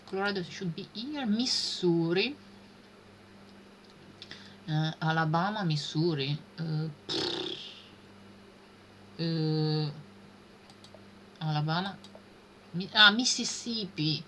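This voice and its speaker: Slow, bright-voiced woman streamer. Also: on the low side, slight background noise. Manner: thinking aloud, hesitant muttering. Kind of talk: live-stream gameplay commentary.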